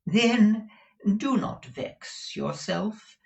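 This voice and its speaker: A high, swooping fop pours out lavish pet names with a strained, odd edge to the voice, as a male reader puts him on. He drags out his words in a lilting, overblown, theatrical way for a classic storybook. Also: big pitch swings, drawn-out words, vocal fry, heavily acted. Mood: gushing, theatrical. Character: foppish flamboyant husband, gushing endearments.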